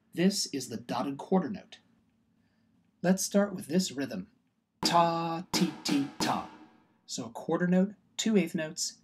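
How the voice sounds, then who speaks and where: A man teaching music theory in a scripted video lesson, explaining clearly and steadily and chanting rhythm syllables. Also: a little high, dark tone. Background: music playing.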